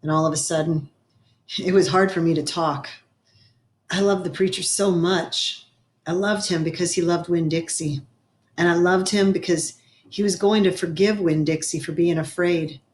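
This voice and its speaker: A woman reading a children's novel aloud in a gentle storytelling manner, slowing down for effect. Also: lowish voice, steady tone, slight background noise. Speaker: reader. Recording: echoey room.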